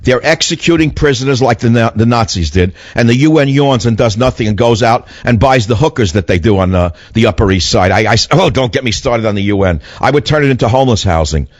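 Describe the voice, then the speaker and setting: Older guy radio host ranting and storytelling, pitch jumping all over, dry close studio mic. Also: fast, hardly any pauses, no echo. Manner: animated storytelling, voices swinging up and down. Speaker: radio talk show host. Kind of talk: opinionated talk radio monologue. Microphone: studio microphone.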